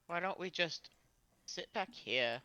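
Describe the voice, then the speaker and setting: Bright dry-voiced man at the game table. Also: sits high, expressive, slow, dry recording. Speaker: player. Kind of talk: casual tabletop game banter.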